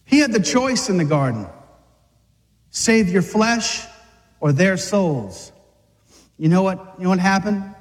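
A man preaching an impassioned sermon to men, dramatic and forceful, sometimes acting out voices. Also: high voice, expressive, takes it slowly, pauses often. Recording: long hall reverb.

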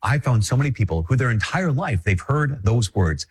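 A Catholic priest from Minnesota giving a conversational, emphatic reflection, repeating phrases and chuckling often. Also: male voice, mid-range voice, sing-song, moderate pace, slightly rough. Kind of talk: spoken reflection to an audience.

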